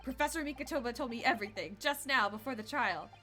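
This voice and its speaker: A woman voicing a nervous, flustered young male defendant in a game, speaking high and loud. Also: quick pace, soft background music.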